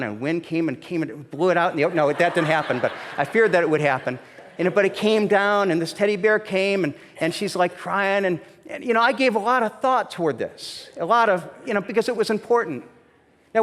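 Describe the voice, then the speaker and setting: A man's voice: a little high, long reverb tail. A man preaching a sermon as pastor, telling stories in a conversational way with many restarts and growing emphatic. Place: church sanctuary.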